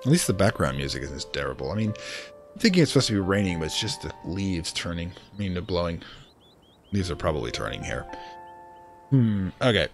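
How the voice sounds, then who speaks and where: A man's voice: low-pitched, very animated, brisk, soft background music. A man streaming a story game live, thinking aloud and reading the narration. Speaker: let's play streamer.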